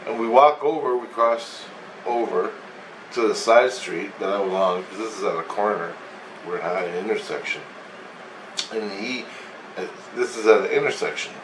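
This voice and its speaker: A man's voice: fairly low pitch, normal speed. A man casually recounting a dream, meandering and swearing freely as he goes. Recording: echoey room, distant mic, faint hum.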